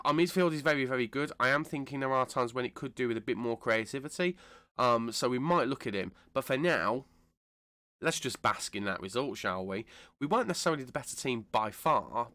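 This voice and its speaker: A British man hosting a gaming channel, talking through a let's-play while unwell with a cold, chatty and rambling, correcting himself and bursting into excitement. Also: fairly low pitch, dry recording. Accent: British English. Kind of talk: casual let's-play commentary.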